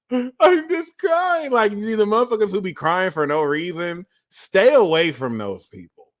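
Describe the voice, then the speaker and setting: A man with a fairly high voice talks through an astrology forecast in a loose, casual way. He is blunt and swears freely. He keeps slipping into short acted-out quotes. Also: a bit bright. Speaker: astrology reader.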